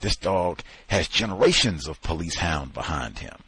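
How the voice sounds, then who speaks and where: Deep husky guy hosting a book talk, voice swings up and down a lot. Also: normal speed, dry recording, low-quality recording. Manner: musing, rising to animated emphasis. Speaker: study session host.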